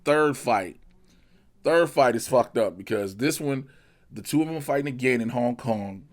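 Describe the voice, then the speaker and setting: A man giving a casual movie review in animated, profane, slangy talk. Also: mid-range voice, normal speed.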